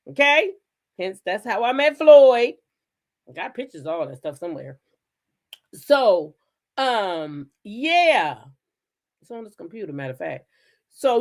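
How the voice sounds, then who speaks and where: A woman hosting her own channel, telling stories in a blunt, profane, animated style. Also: medium pitch. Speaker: channel host. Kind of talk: casual commentary chat.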